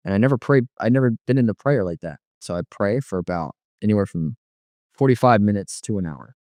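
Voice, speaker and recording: A man's voice: on the low side, lively intonation, a little fast, a little mellow, no echo, studio quality. A man giving a personal testimony as an interview guest, rambling and filling his speech with frequent "you know.". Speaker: guest telling his life story.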